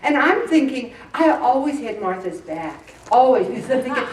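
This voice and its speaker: A woman's voice: high voice, big pitch swings, moderate pace, hardly any pauses, slight background noise. Lady in her 60s, chatty faith talk to a group, pokes fun at herself, echoey room. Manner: chatty, self-mocking, asks the audience questions. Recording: roomy, distant mic.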